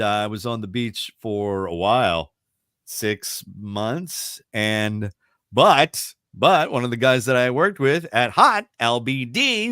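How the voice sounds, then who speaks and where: Radio guy from the baltimore area, mid pitched, chatty, laughs a lot, dry close sound. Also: bright, forceful tone, smooth, no room sound. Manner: chatty storyteller, laughs often, many restarts. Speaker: radio broadcaster guest. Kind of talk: casual interview chat.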